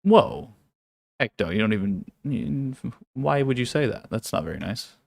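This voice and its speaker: A man's voice: medium pitch, expressive, moderate pace, creaky, a little mellow, no room sound, studio quality. A man hosting a live trading stream from his home office, chatting casually with viewers, swearing freely, laughing often and teasing the chat.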